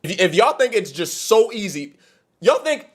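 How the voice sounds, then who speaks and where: A man rants at the camera in a heated, profane video monologue, his voice swinging widely from high to low. He sits somewhat high for a man, and the talk stays animated throughout. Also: brisk. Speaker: content creator.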